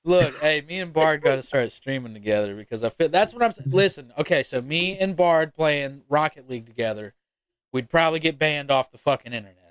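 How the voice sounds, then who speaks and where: Male podcast host, higher voice, smooth and dry, animated and profane storyteller. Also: fairly quick. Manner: animated storyteller, swears freely. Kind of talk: casual chat.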